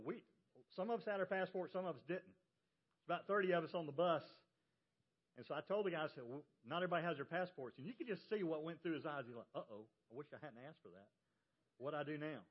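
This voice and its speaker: Southern pastor preaching, lo-fi sound. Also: male voice, on the high side. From American South. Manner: storytelling, folksy and emphatic. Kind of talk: sermon. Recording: dull lo-fi church audio.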